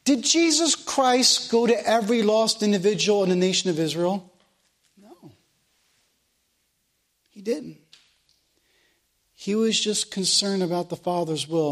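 High-voiced emphatic male preacher. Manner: emphatic, repetitive preaching with rhetorical questions. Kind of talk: sermon.

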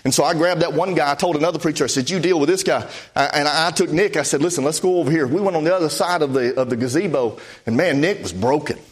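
A man's voice: a little high, quick pace, few pauses. A man preaching, telling a testimony story in a folksy way with many "I said" asides. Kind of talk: storytelling sermon.

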